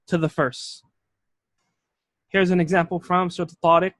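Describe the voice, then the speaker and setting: A man's voice: high voice, normal speed, fairly bright tone, no room sound. A male teacher giving a classroom lecture, patient and explanatory, repeating key points and checking that students follow. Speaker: Arabic teacher.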